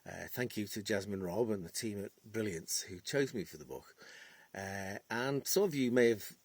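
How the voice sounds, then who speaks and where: Husky Scouse man, low voice. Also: normal speed, no room sound. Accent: Liverpool (Scouse). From England, Wirral. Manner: enthusiastic, effusive. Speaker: audiobook narrator. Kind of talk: casual promotional talk.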